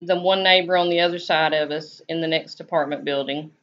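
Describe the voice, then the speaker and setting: A woman's voice: low voice, steady tone, a little fast. A woman with a Southern US accent, chatting casually on her live stream and answering viewers' comments in a laid-back, drawling way. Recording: dull lo-fi stream audio.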